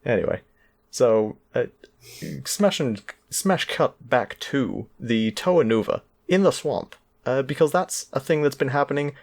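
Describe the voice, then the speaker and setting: A man's voice: mid-range voice, animated, a little slow. A man in casual podcast chat, recapping the story in an easygoing way with chuckles and filler words. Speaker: podcast co-host.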